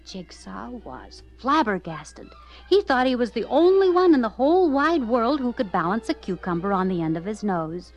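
Expressive woman reading a children's story. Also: on the high side, normal speed, faint music behind. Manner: expressive, lively. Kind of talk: children's story read-aloud.

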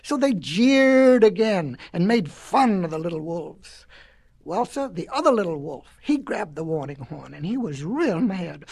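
Animated woman reading a storybook aloud. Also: on the low side, unhurried, creaky, slightly rough. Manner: animated, expressive, folksy.

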